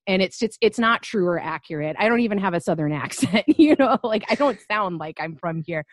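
A woman's voice: mid-range voice, lively intonation, fairly quick. A young adult woman from Memphis, co-hosting a podcast in a chatty way with lots of fillers. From Memphis, Tennessee. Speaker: podcast co-host. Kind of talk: casual chat.

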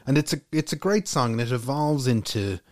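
A man's voice: mid-range voice, animated, brisk, a little mellow, no room sound, studio quality. A man co-hosting a podcast, chatting casually and musing his way wryly through his points. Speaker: podcast co-host. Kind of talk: casual chat.

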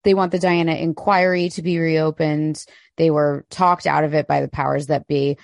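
A woman's voice: low-pitched, steady tone, normal speed, gravelly, no echo, clean studio sound. A young adult woman co-hosting a podcast in casual chat, blunt and heated, swearing freely. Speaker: podcast co-host.

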